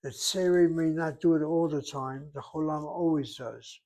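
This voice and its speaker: A man's voice: a little high, steady tone, unhurried, a little mellow. Older man teaching Hebrew vowels. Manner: methodical, repeats key rules for emphasis. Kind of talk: classroom lecture at a whiteboard.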